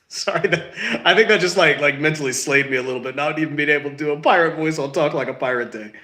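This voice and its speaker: A man talks through his podcast in a loose, rambling way, sick and stuffed up, his voice bright and a little high. He keeps correcting himself as he goes. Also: quick pace. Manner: rambling, self-correcting, says y'all. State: sick, stuffy, lost sense of smell. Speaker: podcast host. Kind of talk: casual solo podcast chat.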